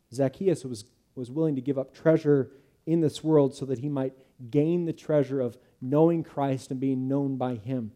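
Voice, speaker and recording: A man's voice: mid-range voice, mellow. A male pastor preaching a sermon, in an earnest, emphatic manner.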